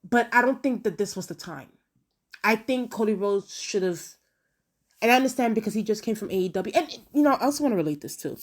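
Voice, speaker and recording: A woman giving a casual, animated opinion rant straight to her viewers, repeating words for emphasis and talking to them directly. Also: mid-range voice, fairly quick. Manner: conversational, addresses viewers directly. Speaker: wrestling commentary vlogger.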